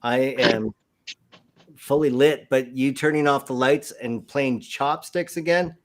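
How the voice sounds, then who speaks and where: A man's voice: medium pitch, slow pace. A man hosting over a video call, joking and playful. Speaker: host. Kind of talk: casual chat.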